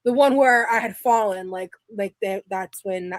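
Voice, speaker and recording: A woman's voice: medium pitch, unhurried, no echo. A young adult woman streaming live, chatting casually and rambling with restarts and fillers.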